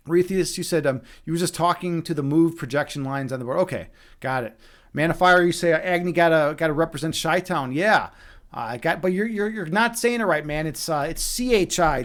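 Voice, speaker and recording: A young man with a Chicago accent talks through his chess moves on a live stream. His voice sits a little high for a man, and he swears freely as he goes. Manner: animated, swearing, talks to chat while playing.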